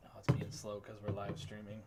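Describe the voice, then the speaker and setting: Lower young man, eager sports fan. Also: monotone, very noisy. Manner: eager sports fan, quick casual banter. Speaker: podcast co-host. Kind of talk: casual sports chat.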